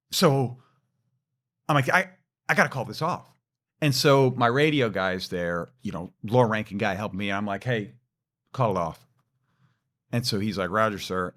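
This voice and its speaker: A man co-hosting a podcast, telling a personal story in a lively, animated way. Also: mid-range voice. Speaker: podcast co-host. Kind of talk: storytelling in casual chat.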